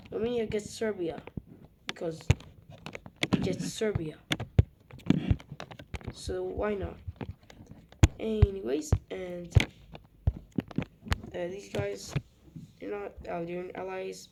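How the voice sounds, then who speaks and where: A young woman narrating a map video in a casual, rambling way, with self-mocking asides and soft muttered remarks. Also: mid-range voice, measured pace, creaky, pauses often. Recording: loud background noise.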